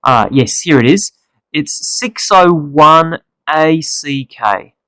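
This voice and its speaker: A cooperative customer in a dialogue. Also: male voice, a little high, lively intonation, slow, bright, forceful tone, dry recording, heavily acted. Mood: matter-of-fact. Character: ordinary adult man answering a clerk's questions. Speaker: customer giving shipping details. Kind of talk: scripted listening-test dialogue.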